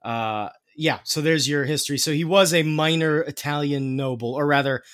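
A man's voice: on the high side, moderate pace, fairly bright tone, no room sound, studio quality. A man hosting a podcast, explaining history in casual chat, with many fillers and restarts.

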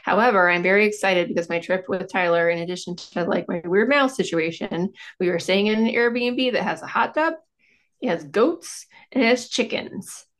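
A woman's voice: mid-range voice, moderate pace. A woman in her thirties chatting casually as a podcast co-host, self-deprecating, with a slight lisp from dental aligners. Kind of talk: casual chat.

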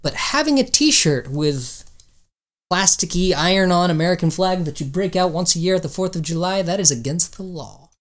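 A woman co-hosting a comedy podcast, riffing in casual banter with a wry, deadpan delivery. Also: lowish voice, moderate pace. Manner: wry, deadpan, riffs into silly accents. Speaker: podcast co-host.

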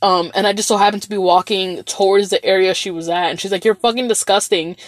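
A young woman rambles through a story in a casual vlog, swearing and animated, full of fillers and restarts. Her mid-range voice moves fast, and the studio-quality recording is dry.

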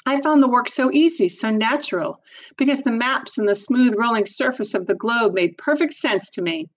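A woman's voice: on the high side, moderate pace. A woman teacher reading a book aloud expressively, then adding casual comments with fillers.

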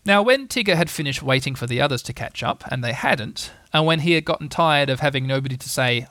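A man narrating a children's story with a lively, lilting delivery and a fairly high voice. The sound is dry and close. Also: a little fast, hardly any pauses, no echo. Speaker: audiobook reader.

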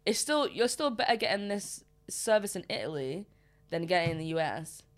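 A woman co-hosting a podcast, chatting casually and telling stories with quick asides. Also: on the low side, lively intonation. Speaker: podcast co-host. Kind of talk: casual chat.

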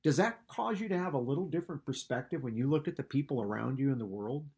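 A man pastor giving a conversational expository sermon, teaching verse by verse and shifting his loudness for emphasis. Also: medium pitch, lively intonation, quick pace, husky.

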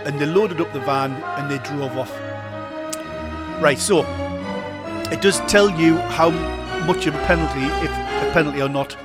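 Male co-host, slightly high voice, reads news items and laughs easily, music under. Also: moderate pace. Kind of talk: casual chat and story reading.

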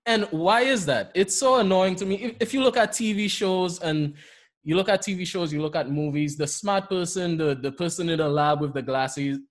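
A man's voice: high voice, moderate pace. Saint Lucian man telling stories. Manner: animated, laughing storyteller. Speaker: podcast host. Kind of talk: conversational storytelling.

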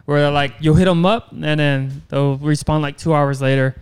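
A man's voice: fairly high pitch, flat delivery, normal speed, a little hiss or hum. A man complaining irritably and with swearing in a casual podcast chat.

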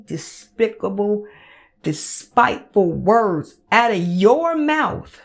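A woman hosting a podcast, ranting in a heated, blunt and profane way and repeating phrases for emphasis. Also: medium pitch. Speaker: podcast host. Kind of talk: solo commentary rant.

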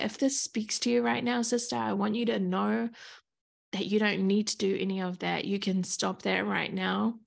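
Gravelly-voiced woman host, earnest and blunt. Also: medium pitch. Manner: earnest, frank, swears freely. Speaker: podcast host. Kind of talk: casual motivational monologue.

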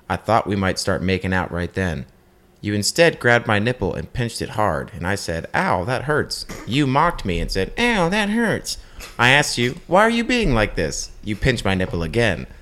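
A man co-hosting a casual comedy podcast, reading personal ads aloud with a relaxed, amused delivery. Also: low-pitched. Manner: laid-back, amused, reads posts aloud with a lively lilt. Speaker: podcast co-host reading listings.

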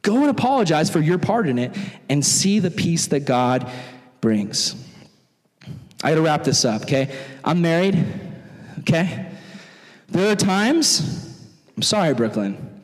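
Animated high-voiced young preacher man. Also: measured pace, long pauses. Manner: animated, conversational, acts out voices. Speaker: youth pastor. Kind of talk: sermon to young people. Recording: long hall reverb.

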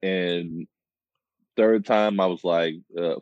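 A man's voice: low voice, no room sound. A man co-hosting a podcast, chatting casually and with a laid-back manner. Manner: laid-back, slow, says bro. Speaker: podcast co-host. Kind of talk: casual chat. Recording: dull dry lo-fi mic.

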